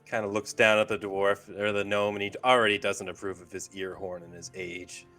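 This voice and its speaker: Male player narrating his moves; casual, filler-heavy, low-pitched. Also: flat delivery, a little fast, pushed and bright, soft background music. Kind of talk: describing actions in a tabletop game.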